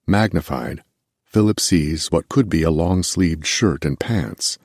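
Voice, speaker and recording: A man narrating a horror audiobook in a measured, steady scripted delivery. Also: deep voice, no room sound, clean studio sound.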